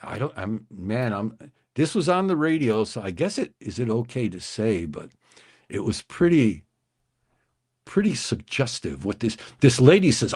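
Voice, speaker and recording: A man's voice: mid-range voice, very animated, a little slow, darkish tone, breathy edge. A man in his sixties, originally from the Chicago area, hosting a livestream and telling a rambling, hesitant story full of restarts. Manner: rambling, hesitant, self-interrupting. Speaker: livestream host.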